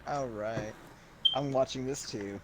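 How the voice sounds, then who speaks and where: Male player, quick playful remarks, mid-pitched, heavy background noise. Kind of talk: casual game chat.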